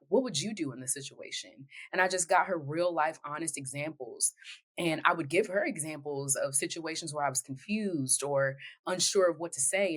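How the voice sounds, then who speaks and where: A woman from the United States who is a guest on a podcast, speaking in a low voice. She tells her personal story in an earnest, heartfelt and candid way. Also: fairly bright tone.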